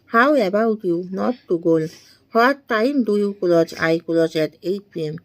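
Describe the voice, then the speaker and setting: A woman's voice: medium pitch, rough recording. A woman, a tutor reading short practice sentences one by one. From India. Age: 20s. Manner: slow, deliberate reading of short sentences with small laughs. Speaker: English tutor.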